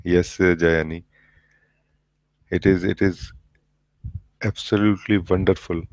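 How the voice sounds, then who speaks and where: A man leading a satsang as spiritual teacher, speaking slowly and gently with many pauses and fillers over a video call. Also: sits low, fairly even intonation, dry recording, low-quality recording. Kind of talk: satsang talk.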